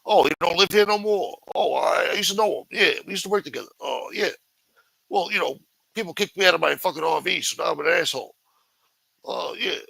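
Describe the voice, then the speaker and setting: A man's voice: high voice, fairly quick, gravelly, sharp tone, slightly rough, no echo, pitched above the performer's own voice, full character voice, low-quality recording. A man putting on a mocking voice of a needy, shifty drifter who rambles and wheedles. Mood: whiny. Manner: whiny, wheedling mockery.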